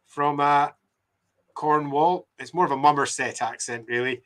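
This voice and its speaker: A Scottish game writer and streamer talks in a fairly high, slightly bright voice, going a little slowly. He maps out a game city while reading viewer comments, joking about his poor accents, laughing a lot and poking fun at himself in a chatty way.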